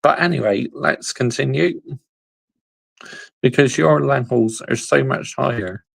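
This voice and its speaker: Male football host: gravelly voice, dry close sound, animated commentary. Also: medium pitch, unhurried, no room sound, poor audio. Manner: animated, exclaiming, laughs often. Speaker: YouTube football channel host. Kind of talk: casual reaction commentary.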